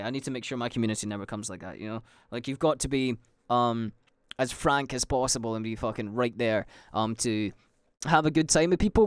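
Scottish man rambling on a dry podcast mic. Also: no room sound. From Scotland. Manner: chatty and swearing, trailing off into fillers; jumps to high mock voices when quoting people. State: drinking gin while talking. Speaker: podcast host and livestreamer.

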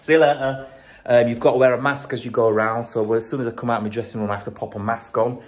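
A man's voice: medium pitch, fairly even intonation, fast talker, crowd noise. A middle-aged man hosting a TV show, rambling and joking through a casual video diary backstage in a studio dressing room, filmed on a handheld phone. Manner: rambling, jokey, self-mocking. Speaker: TV show host.

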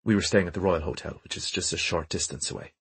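A man's voice: deep voice, fast, gravelly, fairly bright tone, breathy edge, no echo, full character voice. A man voicing a serious Irish nanny in her thirties, telling her story earnestly. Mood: recounting.

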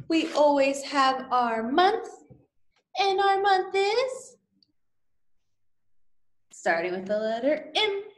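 Woman, preschool teacher, high voice, very slow, echoey room. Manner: very slow, lively, counting aloud with children. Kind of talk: online calendar lesson for young children.

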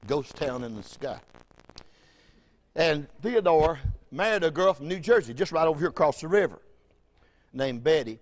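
Folksy preacher, high voice. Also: male voice. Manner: folksy, wide swings from loud to hushed. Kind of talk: storytelling sermon.

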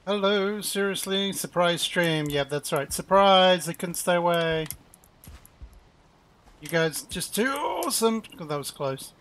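An upbeat man chats casually with friends while hosting a game stream. His voice sits a little high. He laughs easily between lines. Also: animated, a little slow, long pauses, a bit bright. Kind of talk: casual gaming chat.

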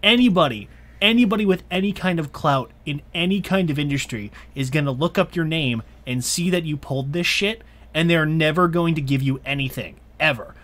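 A man's voice: on the high side, a little fast, fairly bright tone. A man co-hosting a casual podcast who delivers blunt, profane put-downs and roast jokes. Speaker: podcast co-host.

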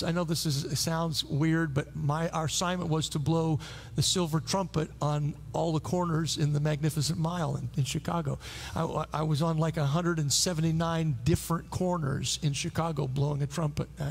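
Man, preacher, high voice, gravelly, animated storytelling, sermon. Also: normal speed. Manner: animated, storytelling with frequent restarts. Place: church service.

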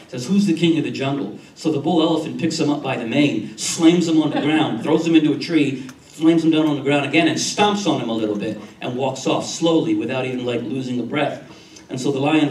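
In a church sanctuary, a male pastor with a mid-range voice preaches a sermon, repeating phrases and often asking the congregation "Amen?" The recording sounds roomy and distant, with a little hiss or hum.

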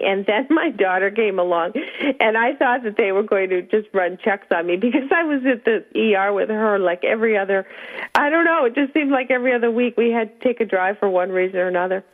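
A woman's voice: mid-range voice, fairly quick. A middle-aged woman co-hosting a radio show, chatting casually and sympathetically, often chiming in with short agreements. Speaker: guest co-host. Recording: tinny phone-line radio audio.

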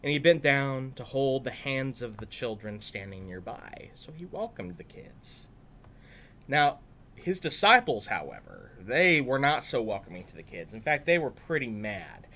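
Animated man reading a children's story. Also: mid-range voice, measured pace. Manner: animated, chatty, asides to kids. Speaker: pastor.

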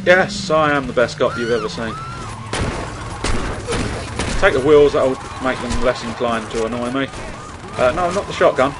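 A man's voice: medium pitch, normal speed, pauses often, background noise. A man commenting on his gameplay in a chatty, wry way, swearing often. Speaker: let's play host. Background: game sounds and music.

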